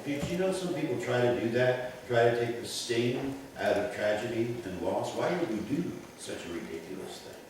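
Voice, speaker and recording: A man's voice: mid-range voice, slight background noise. Man preaching in an echoey church. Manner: measured, emphatic preaching with rhetorical questions. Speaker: pastor. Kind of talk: sermon. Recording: echoey church from a distant mic.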